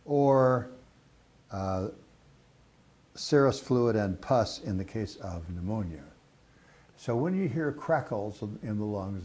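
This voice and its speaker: Older man, low mellow voice, calm clinical teacher pausing with fillers. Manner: calm explanatory, frequent uh fillers. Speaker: instructor.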